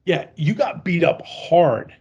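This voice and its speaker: Husky man recapping a bad movie. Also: on the high side, very animated, slow pace, a little mellow, highs cut off. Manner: crude, joking, laughs while telling. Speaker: podcast co-host.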